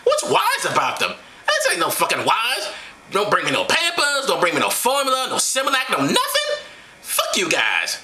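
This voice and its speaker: A man doing a shrill, foul-mouthed woman. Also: huge pitch swings, normal speed, sharp tone, reverberant, slight background noise, heavily acted. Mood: shrill indignant. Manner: shrieking, profane, indignant.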